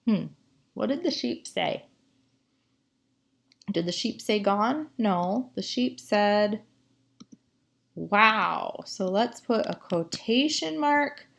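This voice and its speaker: A woman's voice: medium pitch, expressive, vocal fry. A woman teacher giving a writing lesson, reading sentences aloud and asking the class what to fix. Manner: slow, explaining, asks the class questions.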